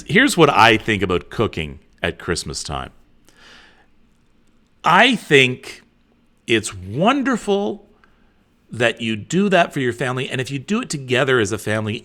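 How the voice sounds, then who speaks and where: A middle-aged man hosting a live stream, reading viewer comments in a chatty way with many fillers. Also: medium pitch. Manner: animated, chatty, with frequent fillers. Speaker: host.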